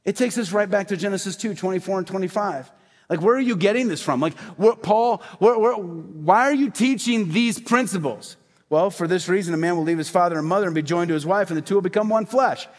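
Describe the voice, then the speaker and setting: A man's voice: sits high, quick pace. A man preaching a sermon in a church, talking conversationally and animatedly to the congregation with asides. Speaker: pastor. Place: church sanctuary. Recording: hall reverb.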